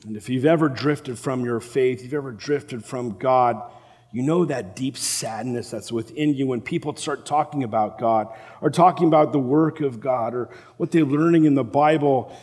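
A man preaching a sermon as a pastor, animated and acting out the voices of the people in the story. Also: mid-range voice. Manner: animated, acts out the quoted voices. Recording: long reverb of a large hall.

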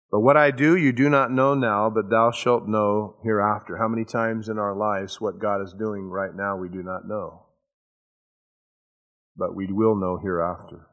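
A man's voice: on the low side, a bit bright. A man preaching a verse-by-verse sermon, earnest, rising and falling in volume and acting out quotes in casual modern words. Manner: slow, earnest preaching that rises and drops in volume. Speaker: pastor. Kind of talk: sermon, verse-by-verse Bible teaching.

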